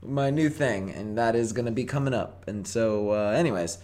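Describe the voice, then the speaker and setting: A man's voice: medium pitch, moderate pace. A young man co-hosting a podcast, telling a rambling, profane story in casual chat. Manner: rambling, swearing, animated quoting. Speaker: podcast co-host.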